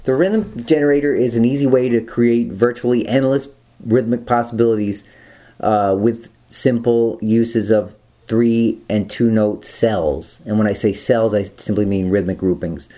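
A man teaching guitar rhythms, explaining step by step in a relaxed way and counting beats aloud. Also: medium pitch, unhurried. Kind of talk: instructional talk with counting.

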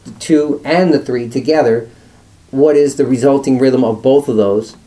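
A man giving a one-on-one rhythm lesson as a music teacher, patiently explaining and chanting counting syllables in steady beats. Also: mid-range voice, fairly quick. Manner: patient, encouraging instruction. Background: loud instrument music playing.

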